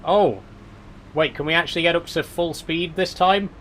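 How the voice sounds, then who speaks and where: A man's voice: a little high, brisk, fairly bright tone, a little hiss or hum. A young man with a South Yorkshire accent chatting on a game live stream, reading chat aloud, laughing often and swearing casually. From South Yorkshire, England.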